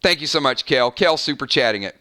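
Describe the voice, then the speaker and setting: A man's voice: medium pitch, animated, brisk, pushed and bright. A man hosting a live stream, chatting casually and thanking viewers by name, often stumbling and restarting his sentences. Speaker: live-stream show host.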